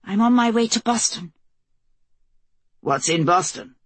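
A woman's voice: mid-range voice, expressive, a little slow, slightly rough, no room sound. A woman reading the part of an anxious adult woman on the run, talking in an urgent, strained way.

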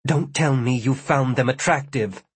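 A narrator gives voice to a blunt young woman who speaks in clipped commands. The voice is husky and slightly raised, recorded dry and close. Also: medium pitch, measured pace, dry recording. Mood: curt. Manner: curt and commanding.

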